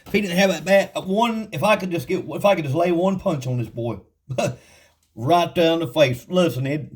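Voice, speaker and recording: A man teaching the Bible in a casual, folksy storytelling way, with frequent laughs, and reading scripture slowly and deliberately. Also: on the high side.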